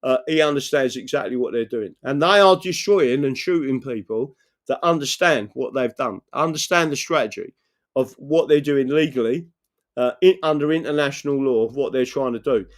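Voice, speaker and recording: A man's voice: medium pitch, moderate pace. A man hosting a live political stream, rambling earnestly, often asking "right?" and reading out viewer messages. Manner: reads out and answers viewer messages. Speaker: political livestream host.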